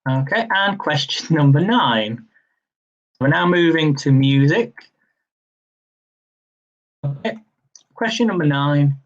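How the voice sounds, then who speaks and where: A young man hosting a live-streamed quiz, reading each question slowly, repeating it, and adding chatty asides. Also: fairly high pitch, lively intonation, dull audio. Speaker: quiz host.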